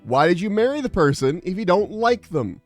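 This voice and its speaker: A man's voice: high voice, big pitch swings, brisk. Young guy streaming, rambly and sweary, kinda exasperated, bit of music under it. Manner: profane, rambling, exasperated storytelling. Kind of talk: casual livestream chat.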